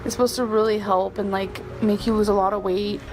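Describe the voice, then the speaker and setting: A woman's voice: medium pitch, flat delivery, brisk, background noise. A woman talking casually to her viewers in a vlog, chatty and rambling with many fillers. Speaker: vlogger.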